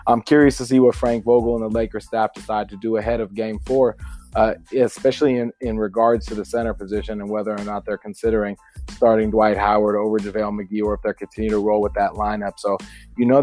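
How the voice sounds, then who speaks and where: Low-voiced man hosting a sports podcast. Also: darkish tone. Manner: casual, emphatic, swears freely. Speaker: podcast host. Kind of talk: solo sports podcast with ad read.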